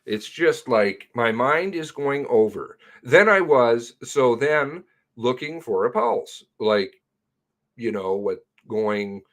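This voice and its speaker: A man, a police sergeant, gives a halting, profane retelling of an incident in a recorded statement, correcting himself as he goes. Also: mid-range voice, animated, fairly bright tone.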